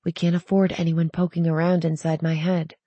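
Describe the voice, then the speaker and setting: Woman voicing a strained young man, murmuring low. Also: flat delivery, a little fast, dark tone, breathy edge, no echo. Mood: strained hush.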